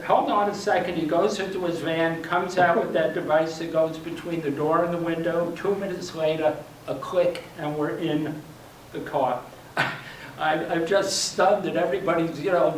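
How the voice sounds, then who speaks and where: Older man, wry personal storyteller, fairly high voice, distant mic, echoey room. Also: steady tone, moderate pace. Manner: wry, self-deprecating, laughs at his own punchlines. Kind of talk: personal story performed for a live audience. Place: library workshop room. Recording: roomy, distant, faint hum.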